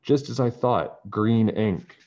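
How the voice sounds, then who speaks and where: A man voicing an eager young girl detective who talks in quick, excited bursts. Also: fairly low pitch, voice pushed up. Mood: insistent. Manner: excited, fast pleading. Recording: dull lo-fi recording.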